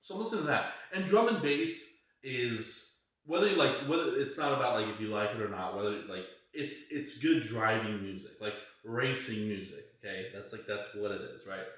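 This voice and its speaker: A man's voice: on the low side, normal speed, fairly bright tone. Crude rambling man in an echoey room. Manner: crude, rambling, heavy swearing and fillers. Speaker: podcast co-host. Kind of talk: casual podcast chat.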